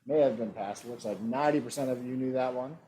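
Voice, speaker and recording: A man hosting an online trivia game. He reads out multiple-choice questions and adds relaxed joking asides. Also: mid-range voice, quick pace, a little hiss or hum. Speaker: trivia quiz host.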